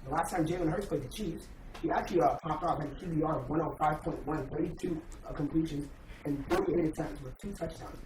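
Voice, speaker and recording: A man's voice: fairly high pitch, fast talker, darkish tone. A man in a casual sports debate, arguing heatedly and backing his case with stats. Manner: argues hard with stats. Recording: distant echoey mic with noise.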